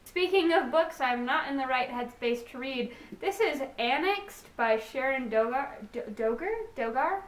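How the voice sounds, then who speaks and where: A woman's voice: high voice, animated, measured pace, hardly any pauses. Bubbly young woman gushing about books. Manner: bubbly, gushing, rambling with fillers. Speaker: book vlogger. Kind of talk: casual book haul chat. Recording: echoey room, distant mic, faint hiss.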